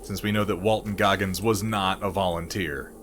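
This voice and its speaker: A man's voice: low voice, steady tone, normal speed, background noise. A man giving casual, sardonic and profane commentary while playing a video game. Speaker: let's play host.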